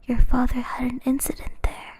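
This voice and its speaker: A woman's voice: sits high, monotone, normal speed, darkish tone, husky, rough recording. Woman whispering as a caring old mother rabbit. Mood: warning. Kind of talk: whispered role-play.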